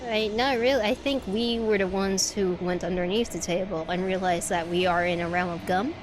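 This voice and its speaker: A woman's voice: medium pitch, steady tone, moderate pace, background noise. A woman streamer giving casual gaming commentary, playful and sassy, swearing freely. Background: game music.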